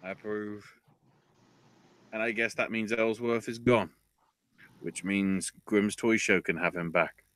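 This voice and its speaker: A man's voice: lowish voice, flat delivery, a little slow, a bit bright. A man hosting a podcast, recapping wrestling in a casual way with offhand, wry asides. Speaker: podcast host.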